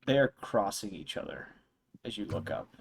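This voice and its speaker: A young man running a tabletop game as dungeon master, narrating in a relaxed, meandering way with fillers. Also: on the low side, moderate pace, gravelly, crowd noise.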